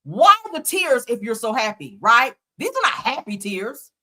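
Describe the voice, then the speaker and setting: Woman, live host, reality TV commentary, blunt, profane, animated pitch, bright tone. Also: a little slow. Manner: blunt, profane, emphatic, often laughing; reads viewer comments aloud.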